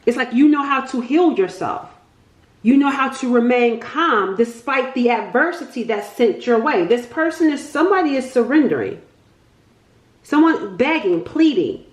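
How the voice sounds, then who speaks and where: Woman, tarot reader, chatty, excitable, high-ish voice, echoey room. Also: moderate pace. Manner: chatty, excitable, thinks aloud, often laughs. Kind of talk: casual tarot reading.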